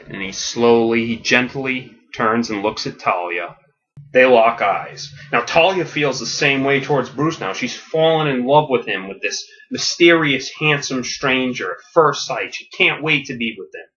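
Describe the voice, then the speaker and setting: A man pitching a comic story on a podcast with a bright, forceful voice, animated and quick to crack himself up. He slips into quick character voices. The audio is dull and lo-fi. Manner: animated retelling, laughing at his own jokes, putting on quick character voices. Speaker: podcast host.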